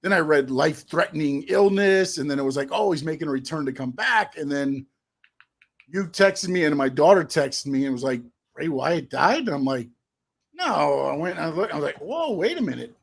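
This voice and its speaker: A middle-aged man co-hosting a live show, casually reminiscing and running through names in a quick list. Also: on the high side, creaky. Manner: reminiscing, lists names rapidly. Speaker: co-host, wrestling promoter.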